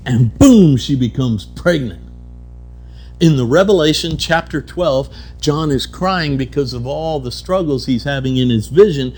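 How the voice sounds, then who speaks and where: Faint music plays behind a keynote speaker who spins mystical tales in a conference hall, voicing each character as part of his spiritual lecture. He speaks unhurriedly in a fairly high, slightly mellow voice.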